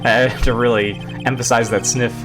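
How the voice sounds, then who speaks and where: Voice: medium pitch, flat delivery, brisk, over music. A let's-play host chatting casually while playing, rambling and self-deprecating, on a home mic. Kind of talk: casual gameplay commentary.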